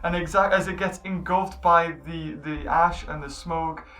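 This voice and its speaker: Excitable man in an echoey room. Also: fairly high pitch, unhurried. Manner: excitable, stumbling over words. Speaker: channel host. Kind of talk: casual movie review chat. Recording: echoey room, mic at a distance.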